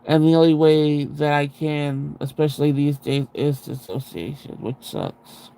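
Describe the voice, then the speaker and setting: A man's voice: fairly high pitch, fairly even intonation, measured pace, gravelly, warm tone, smooth. A man hosting a livestream, chatting casually with his viewers in a rambling way, restarting sentences and laughing at himself, into a sensitive close microphone. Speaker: livestream host.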